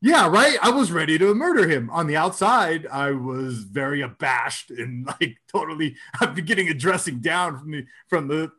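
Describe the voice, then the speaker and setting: A man casually telling a story in a chat, animated and acting out the people he quotes. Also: moderate pace, hardly any pauses, husky. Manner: animated, acts out quoted people with big pitch jumps.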